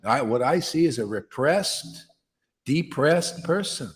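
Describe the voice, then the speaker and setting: A man's voice: mid-range voice, animated, takes it slowly. A man giving an impassioned devotional sermon as a spiritual teacher, blunt and fiery, dropping slang like "man". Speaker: spiritual teacher leading satsang. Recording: long hall reverb.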